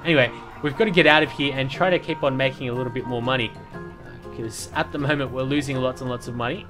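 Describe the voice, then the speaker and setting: A man's voice: medium pitch, quick pace, music in the background. A man giving casual, rambling commentary while playing a city-building game, with lots of fillers and restarts. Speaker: let's play commentator.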